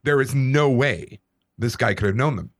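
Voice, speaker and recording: A man on a podcast, casually telling a personal story in an animated, self-deprecating way. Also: medium pitch, moderate pace, dry recording, clean studio sound. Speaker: podcast co-host.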